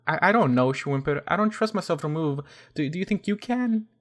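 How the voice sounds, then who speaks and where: A man's voice: fairly high pitch, animated, fairly quick, pitched above the performer's own voice, lightly acted. A man voicing a frightened, lovesick young female pony princess in an audio reading, whimpering and stammering. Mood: trembling.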